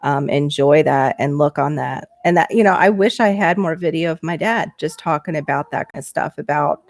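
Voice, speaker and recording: A middle-aged woman hosting a casual livestream from home, reading chat aloud and chatting on a headset mic, laughing often as her voice jumps up when excited. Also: deep voice, moderate pace, dry recording, clean studio sound. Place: small home bedroom.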